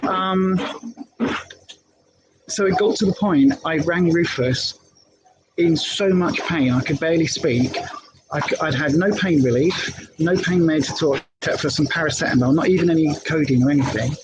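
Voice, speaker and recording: A middle-aged woman, casually telling a candid story live from her hospital bed, halting often with fillers and restarts. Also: low voice, background noise. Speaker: health vlogger.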